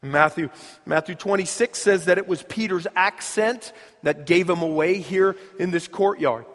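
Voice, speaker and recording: High-voiced preacher in a reverberant hall. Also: male voice, moderate pace. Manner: dramatic storyteller, swings from loud to hushed. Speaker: pastor. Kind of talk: sermon.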